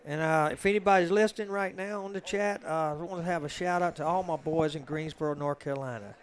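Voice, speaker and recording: Southern US man, rambling folksy commentator, voice a touch high. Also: fast talker. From Georgia, USA. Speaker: pool stream commentator. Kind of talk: casual live-stream chat.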